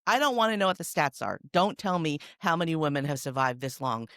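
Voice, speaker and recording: A middle-aged woman hosting a podcast, chatting casually and telling stories in an animated, emphatic way. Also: low voice, brisk, no room sound, studio quality. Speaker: podcast host. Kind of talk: casual conversation.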